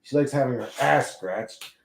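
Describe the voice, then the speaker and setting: A man's voice: medium pitch, moderate pace, creaky. A man hosting a casual livestream, rambling and swearing as he talks to his chat and to his dog. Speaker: livestream host.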